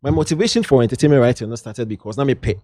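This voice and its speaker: Ghanaian man telling lively stories. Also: medium pitch, racing, no room sound, clean studio sound. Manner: lively anecdotal, drifts into local slang. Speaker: guest, entertainment journalist. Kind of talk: casual interview storytelling.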